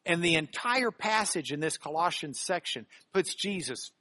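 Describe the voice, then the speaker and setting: A man teaching a Bible lesson in an earnest, animated way, with sudden emphatic rises and softer prayerful passages. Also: on the high side, normal speed, hardly any pauses, no echo. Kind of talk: sermon-style Bible lesson.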